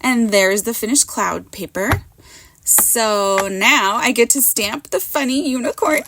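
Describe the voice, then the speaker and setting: A woman with a hoarse voice from a cold, doing a casual voiceover of her card making, bubbly and giggly and poking fun at herself. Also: on the high side, lively intonation, a little slow, background noise. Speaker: card maker.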